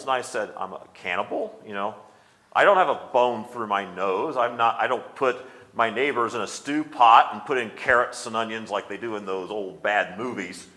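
A man's voice: a little high, sharp tone. A middle-aged man preaching a sermon, telling anecdotes and reading scripture aloud with rising force.

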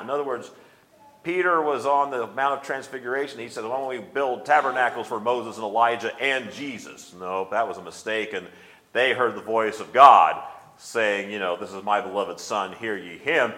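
Bright-voiced Midwestern preacher man. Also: on the low side, moderate pace. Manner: animated storytelling, reads scripture aloud with rising force. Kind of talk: sermon.

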